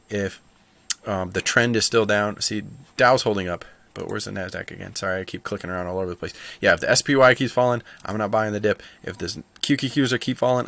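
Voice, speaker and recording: Man, lowish voice, casual stock market commentary, conversational, dry close sound. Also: fairly bright tone, dry recording. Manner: conversational, thinks aloud with fillers and asides. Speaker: stock market video host.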